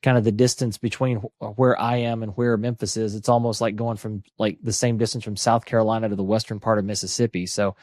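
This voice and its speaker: A man's voice: on the low side, level tone, fast talker, few pauses, darkish tone, dry recording, clean studio sound. A man with an East Tennessee accent co-hosting a podcast in casual, joking chat. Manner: chatty, joking, many restarts. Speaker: podcast co-host.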